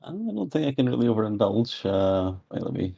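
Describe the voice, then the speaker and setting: A man's voice: fairly low pitch, big pitch swings, a little fast, gravelly, dark tone. A man playing a tabletop game, who talks hesitantly and uses lots of fillers. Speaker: player. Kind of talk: casual tabletop play.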